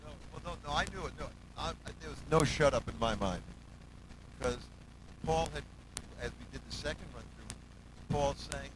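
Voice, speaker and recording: A male musical director tells stories in a loose interview. He jumps into different voices for the people in them and counts out beats. There is clear background noise in the recording. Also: moderate pace. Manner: animated, acts out quotes, hums bass lines and counts beats. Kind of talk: casual storytelling interview.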